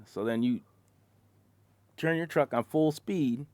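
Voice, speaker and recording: Speaking slowly in a fairly high, darkish voice, a man swaps profane bar stories about his concrete truck driving job and imitates his coworkers. The recording has no echo.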